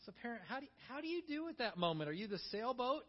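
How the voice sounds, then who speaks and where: A middle-aged male pastor preaching a sermon, telling stories with animated energy and acting out the voices of the people he quotes. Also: extremely high pitch, racing. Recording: long hall reverb, dull lo-fi sound.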